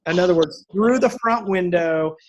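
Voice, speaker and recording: A man's voice: sits high, moderate pace. A man who owns a salon, telling upbeat motivational stories in a casual call. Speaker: salon owner and guest speaker. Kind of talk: casual storytelling on a recorded call.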